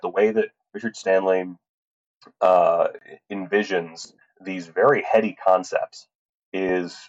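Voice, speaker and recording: A man's voice: low voice, highs cut off. A man casually reviewing a film, rambling and swearing, with lots of fillers and restarts.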